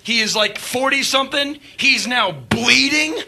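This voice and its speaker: A man, a touring rock musician, telling a backstage anecdote with animated, profane energy, acting out scenes. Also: very high-pitched, unhurried, creaky, background noise. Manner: animated, swearing, acts out scenes, bursts of laughter and shouts. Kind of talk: storytelling anecdote.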